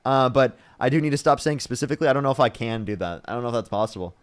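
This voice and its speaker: Man, livestream host, rapid speech, average pitch, thanks donors, pushes callers for answers. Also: animated, clean tone. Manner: fast-talking, thanks donors, presses callers. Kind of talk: casual livestream chat.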